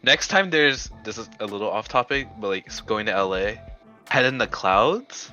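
A man's voice: on the low side, lively intonation, moderate pace, bright, forceful tone, faint music behind. A young man co-hosting a podcast over a voice call, rambling casually with lots of "like", his voice dull and lo-fi. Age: young adult. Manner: rambling, fills with "like". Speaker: podcast co-host. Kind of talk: casual chat. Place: home, on a voice call. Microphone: computer mic over a voice call.

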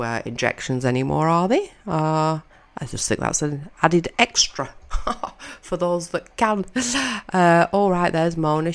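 A woman giving casual, wry commentary as she narrates a film, chatting and thinking aloud. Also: deep voice. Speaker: audio narrator.

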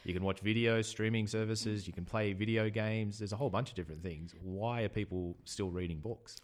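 A man's voice: on the low side, fairly even intonation, fairly quick. A man from Australia, co-hosting a book podcast as a bookshop owner, talking casually and posing questions with many fillers. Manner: questioning, debating, hesitant with fillers. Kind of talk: casual chat.

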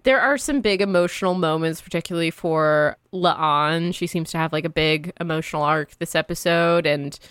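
A woman's voice: low voice, normal speed, few pauses, fairly bright tone, clean tone, no room sound, studio quality. A woman co-hosting a podcast, chatting casually and laughing often. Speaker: podcast co-host. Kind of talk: casual chat.

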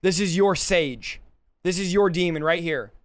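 A man's voice: high voice, a little slow. A middle-aged man preaching a sermon and praying, impassioned and pleading, often acting out both sides of a dialogue. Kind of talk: sermon with prayer.

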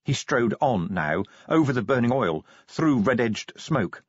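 A man narrating a comic fantasy audiobook with expressive, dramatic storytelling. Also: medium pitch, unhurried, husky, no echo. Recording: dull, dry, lo-fi audiobook recording.

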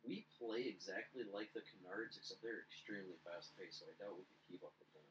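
A young man with a fairly low voice chats as a podcast co-host in a blunt, casual way, swearing freely. Faint noise sits behind him. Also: fast talker, a bit bright, rough recording. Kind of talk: casual chat.

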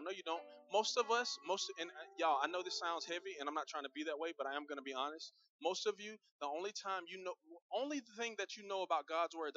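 Bright-voiced pastor preaching with humor. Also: male voice, fairly high pitch, dull audio. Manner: conversational storytelling, humorous, direct to congregation. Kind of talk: sermon.

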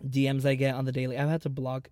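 A man in his twenties hosting a podcast, chatting casually in an animated, dramatic way with plenty of swearing. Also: medium pitch, fast talker. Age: 20s. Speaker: podcast host. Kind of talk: casual chat.

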